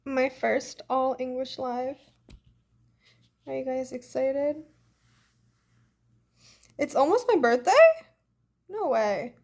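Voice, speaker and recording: Young woman, high voice, congested, breezy livestream chat, phone mic. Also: slow pace, pauses often, darkish tone. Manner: chatty, breezy, lots of "like" and "literally". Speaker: livestream host reading fan comments.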